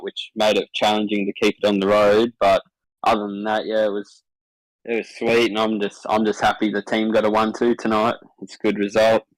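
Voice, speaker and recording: A man's voice: on the low side, dry recording, low-quality recording. A man answering post-race interview questions as the winning driver, laid-back with short casual answers. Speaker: winning sim racing driver.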